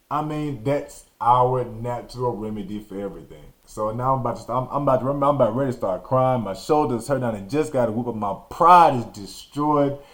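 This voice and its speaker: A man from Texas hosting a podcast, telling a story in an animated, slangy way and acting out the scenes. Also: medium pitch. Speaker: podcast host. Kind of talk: storytelling monologue.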